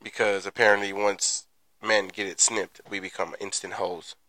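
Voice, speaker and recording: A man in his early thirties co-hosting a laid-back podcast, chiming in with quick, teasing jabs. His voice is fairly low yet has a sharp, forceful edge, and the sound is dry and close. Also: level tone, no room sound, poor audio. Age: 30s. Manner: quick, teasing interjections, often low and quiet. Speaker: podcast co-host. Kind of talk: casual chat.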